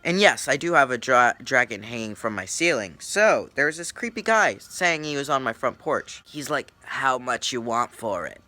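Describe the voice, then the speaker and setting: A young man telling a story time vlog in an excited, rambling way, with swearing. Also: mid-range voice, normal speed, hardly any pauses, no room sound. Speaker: YouTuber.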